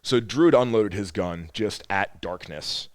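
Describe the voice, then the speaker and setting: Podcast host, male, slightly deep, animated storyteller who swears, dry studio mic. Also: a little slow, no room sound. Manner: animated storyteller, gets loud acting out quotes; swears freely. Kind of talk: casual conversational storytelling.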